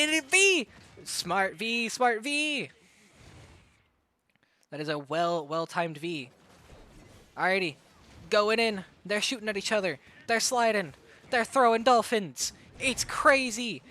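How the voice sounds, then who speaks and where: A man casting a live game tournament, hyper and excitable, rattling off play-by-play and getting out of breath. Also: very high voice. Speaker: tournament caster and streamer. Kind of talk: live esports commentary.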